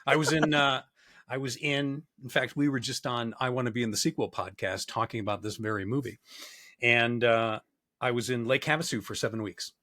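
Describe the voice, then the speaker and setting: A man's voice: medium pitch, steady tone, fairly quick, bright, forceful tone, no echo. A middle-aged man who works in makeup effects, chatting as a podcast guest with laid-back, dry humor. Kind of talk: casual podcast chat.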